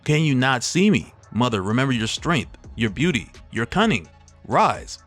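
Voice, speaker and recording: A solemn, power-hungry ancient goddess from a comic, read out by a man in a recap, speaking slowly and gravely at a medium pitch. Faint music runs behind the voice. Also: very animated, fairly bright tone. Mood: solemn pleading.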